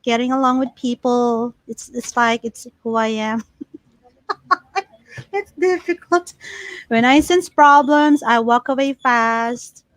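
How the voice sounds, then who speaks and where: A woman's voice: a little high, slow pace, no room sound, low-quality recording. A chatty, giggly woman with a Filipino accent, hosting a casual livestream and reading out viewer comments. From Philippines. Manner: chatty, giggly, code-switching. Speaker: livestream host.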